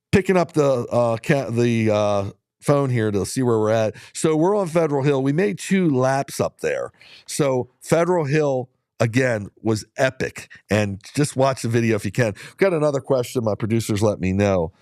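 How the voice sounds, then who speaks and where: A middle-aged man with a fairly low voice tells his dog-mushing stories in a loose, rambling way, stopping often to restart a thought. The sound is dry and close, with hardly any room around it. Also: a little mellow, dry recording. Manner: rambling storyteller, many fillers and restarts. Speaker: dog musher and vlogger. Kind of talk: casual talk to viewers while out on a ride.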